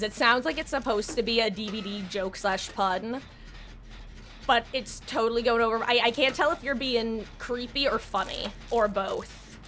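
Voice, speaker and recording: A woman's voice: a little high, normal speed, fairly bright tone, slight background noise. A woman livestreaming a game, chatting casually and rambling to her viewers on a desk microphone. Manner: chatty, rambling, talks straight to chat. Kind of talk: casual gaming stream chat.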